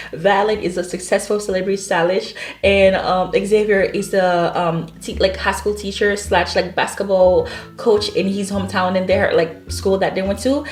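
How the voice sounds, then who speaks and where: A woman's voice: medium pitch, darkish tone. A young woman chatting casually at home about books she read, bubbly and rambling, with lots of fillers and laughter. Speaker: book vlogger. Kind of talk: casual book review chat. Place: home, near kitchen. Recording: echoey room.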